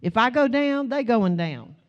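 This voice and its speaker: A middle-aged woman pastor, preaching a sermon with stories, swinging from low asides to loud exclamations. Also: very animated, measured pace, dull audio, background noise. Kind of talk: sermon with storytelling.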